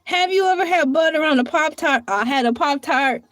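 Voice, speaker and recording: A woman's voice: sits high, moderate pace, fairly bright tone, no echo, soft background music. A woman hosting a casual livestream, chatty and playful, who laughs often and drifts from one topic to the next. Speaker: livestream host.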